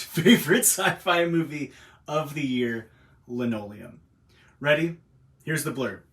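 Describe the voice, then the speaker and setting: A man's voice: fairly high pitch, fairly bright tone. Man, casual film reviewer, frank, chatty delivery. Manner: chatty and frank, with laughs and fillers. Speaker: bookstore owner reviewing films.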